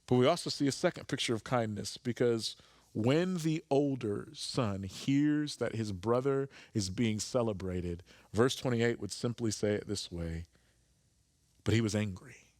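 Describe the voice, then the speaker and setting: A man's voice: medium pitch, a little slow, darkish tone, no echo, studio quality. A man preaching a sermon as pastor, earnest, often repeating words as he searches for a phrase.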